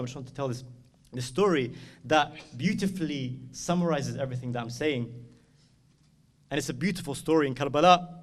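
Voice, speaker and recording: A man giving an impassioned sermon at a mourning gathering in a community hall. He urges and pleads like a storyteller, then moves into loud chanted elegy. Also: mid-range voice.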